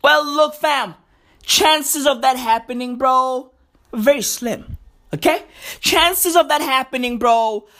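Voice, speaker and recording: A woman's voice: high voice, takes it slowly, a bit bright. A woman with a South African accent delivering a profane, slangy comic rant with mocking, emphatic repetition.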